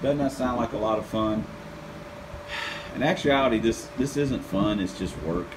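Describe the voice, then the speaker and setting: A man's voice: on the low side, moderate pace, background noise. A man hosting a casual car-project vlog from his home workshop, laid-back and rambling, poking fun at himself. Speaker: channel host.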